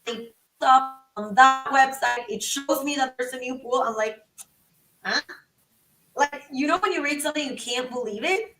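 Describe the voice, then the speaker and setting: Excitable woman telling a story. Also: sits high, moderate pace, few pauses, echoey room, recorded from a distance, soft background music, rough recording. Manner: animated, excitable, acts out quotes, many "like"s. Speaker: podcast guest. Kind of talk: casual storytelling.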